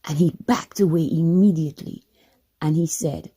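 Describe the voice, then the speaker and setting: A woman's voice: sits low, moderate pace, dark tone, breathy edge. A woman telling a personal story to camera in a dramatic way, often dropping into a whisper and piling up repeated words for emphasis. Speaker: vlogger.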